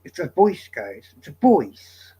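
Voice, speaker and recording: A man's voice: fairly high pitch, big pitch swings, a little slow, slightly rough, dull audio. A man streaming live, chatting casually to viewers in a blunt, exasperated, profane way.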